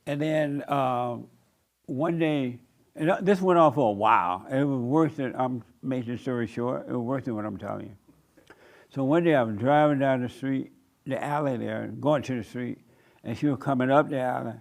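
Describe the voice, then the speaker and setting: Speaking at a moderate pace in a medium-pitched voice with vocal fry, this male pastor and show host tells a story colloquially. He laughs a lot and snaps back with punchy comebacks.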